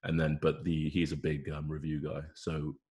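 A man's voice: very deep voice, monotone, normal speed, a little mellow. A man, a rugby player, chatting in a laid-back way with lots of fillers and trailing thoughts. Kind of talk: casual chat.

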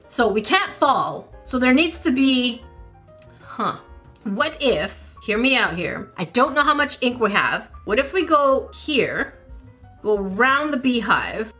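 A woman hosting a casual let's-play, giggly and excitable, talking to the game and the dog on screen. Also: fairly high pitch. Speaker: gaming channel host.

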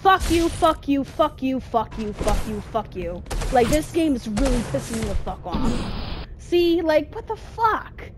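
A woman gamer with a high, very animated voice speaks unhurriedly against background noise. Her gameplay commentary is full of frustration, with constant angry cursing aimed at the game.

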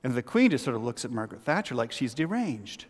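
Lively man preaching in echoing church. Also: mid-range voice, fast. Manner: animated storytelling, frequent restarts. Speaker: pastor. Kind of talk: sermon. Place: church sanctuary. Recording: long church reverb.

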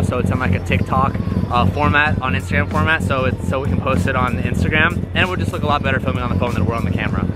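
A man hosting a casual car vlog outdoors around a car, excitable and quick to laugh. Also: medium pitch, very noisy. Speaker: car vlogger host.

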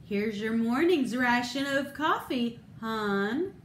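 Woman playing gentle wife, soothing, high and light, echoey room. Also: animated, takes it slowly, slight background noise. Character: calm gentle wife serving coffee.

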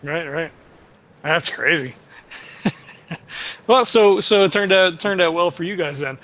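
A man hosting an interview, asking questions in a relaxed, curious way. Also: a little high, measured pace. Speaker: podcast interviewer. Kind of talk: casual interview chat.

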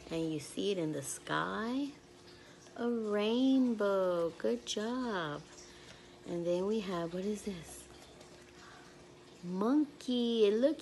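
A young woman teaching preschoolers in a video lesson, speaking in a slow, sing-song, encouraging way and making animal sounds. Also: lowish voice, creaky, darkish tone.

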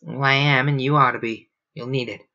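A man's voice: mid-range voice, steady tone, highs cut off. A man doing a guilt-ridden alien official, choked. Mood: lightly coaxing. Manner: choked, hushed, halting.

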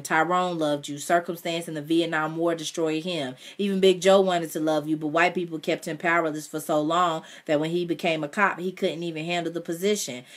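A woman reading a novel aloud in the first person, with expressive delivery and dialogue voiced in a higher tone. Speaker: audiobook reader.

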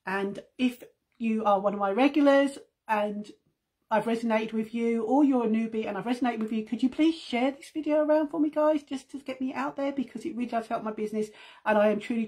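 A woman's voice: fairly high pitch, darkish tone, slightly rough. A middle-aged woman chatting casually to her viewers on a live stream from home, rambling through asides and calling them guys. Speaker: makeup seller and host. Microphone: phone.

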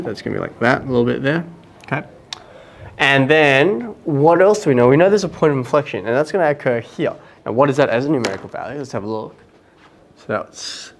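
Gravelly man talking through a lesson. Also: mid-range voice, a little hiss or hum. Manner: thinks aloud, often checks with "right?". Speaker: math teacher. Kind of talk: casual lesson talk-through.

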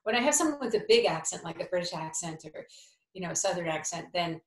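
Actress guest, woman in her fifties, slight New York tone, low-set voice, animated, echoey room. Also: fast. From New Jersey, USA. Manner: thoughtful, animated, many fillers and restarts. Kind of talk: conversational interview.

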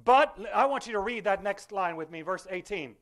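High-voiced male pastor preaching fervently. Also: animated, moderate pace, a bit bright. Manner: fervent preaching with call-and-response. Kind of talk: sermon. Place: church sanctuary.

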